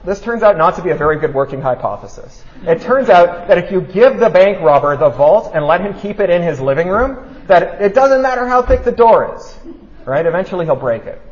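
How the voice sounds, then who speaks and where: A man giving a public talk, fast and animated, who keeps asking his audience "right?". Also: sits high. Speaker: speaker at a talk. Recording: dull lo-fi recording.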